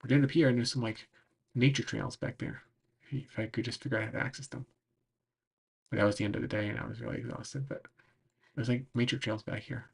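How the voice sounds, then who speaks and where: A man's voice: mid-range voice, steady tone, brisk, vocal fry, pauses often, breathy edge. A man losing his voice, giving a rambling, casual recap as a streamer while browsing a map, full of "like" and "um".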